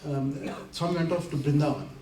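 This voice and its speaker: A man with a slightly high voice tells anecdotes to a gathered audience, laughing often as he acts out each quote. He sounds a little away from the microphone, in a roomy hall with a faint hum of ambience behind him. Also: fairly quick, recorded from a distance. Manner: animated, laughing often while acting out quotes. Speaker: invited speaker. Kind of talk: storytelling talk to an audience. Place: community center hall.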